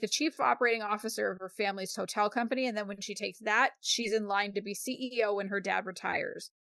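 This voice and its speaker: A woman's voice: a little high, fairly bright tone, clean tone, no room sound. A woman co-hosting a podcast, chatting casually and recapping a book's plot with upbeat energy. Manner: upbeat, laughing, recaps books in detail. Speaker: podcast co-host. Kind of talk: casual chat.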